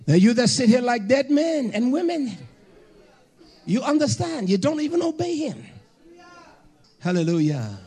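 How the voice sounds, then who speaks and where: A male preacher with a strikingly high voice delivers a fiery sermon. He hollers and stresses his words hard, breaking into loud shouts as he drives each point home to the congregation. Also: sing-song, measured pace, pauses often, slightly rough.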